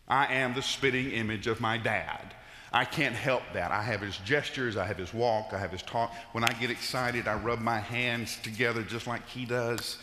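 A man's voice: medium pitch, bright, forceful tone. A middle-aged male pastor preaching a sermon in a church sanctuary, telling folksy stories with frequent "uh" fillers. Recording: reverberant church hall.

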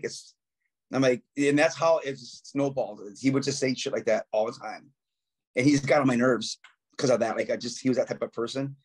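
A man's voice: mid-range voice, normal speed. A man, a musician guest on a podcast, telling profane stories in casual chat and acting out quotes with laughs. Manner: profane storytelling, acts out quotes, laughs often.

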